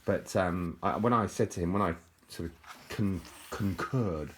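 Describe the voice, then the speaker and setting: A man's voice: low voice, measured pace, a little hiss or hum. A middle-aged man, rambling in a casual, jokey video monologue with frequent restarts. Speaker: vlogger.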